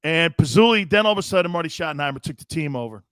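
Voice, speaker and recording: An excitable man from Connecticut hosts a sports talk show, rambling from story to story and laughing often. His voice sits a touch high for a man. The sound is dry and close on the mic. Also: very fast, clear, resonant tone, no echo. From Connecticut, United States.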